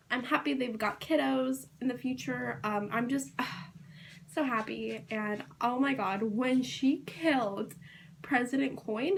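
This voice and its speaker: A woman chats to her camera in a casual vlog, her voice sitting a little high. She rambles with plenty of fillers and gushes excitedly. A faint hiss runs under the recording. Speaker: book vlogger.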